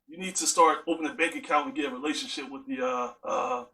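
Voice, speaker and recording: A man imitating his stepdad, a deep-voiced raspy older man who slowly hems and starts every phrase with "uh". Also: sharp tone, distant mic. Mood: advising. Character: older stepdad, slow-talking, fatherly.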